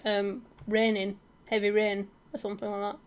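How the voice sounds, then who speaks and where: A woman's voice: medium pitch, monotone, normal speed. A British woman in casual chat, giggling while she reads out funny place names.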